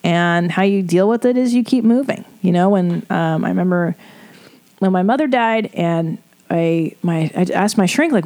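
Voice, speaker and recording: A woman's voice: fairly low pitch, normal speed, mellow. A middle-aged woman hosting an advice podcast, talking frankly in a casual way, swearing freely and laughing often. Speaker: podcast host giving advice.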